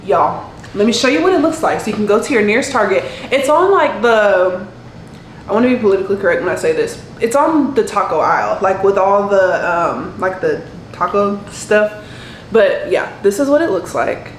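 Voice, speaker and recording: A young woman talks casually to her viewers, rambling and filling pauses with "like" and "um." Her voice sits at a mid pitch, and the recording has an echoey room sound. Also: animated, slight background noise. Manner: rambling, heavy use of "like" and "um". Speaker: nursing student vlogger. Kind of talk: casual chatty vlog.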